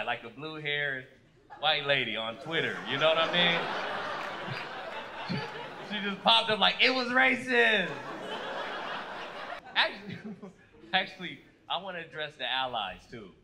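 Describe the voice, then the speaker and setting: A man from Fresno performing a stand-up comedy set, telling stories with loud acted-out quotes on a club stage. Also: a little high. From Fresno, California. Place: comedy club stage before a live audience.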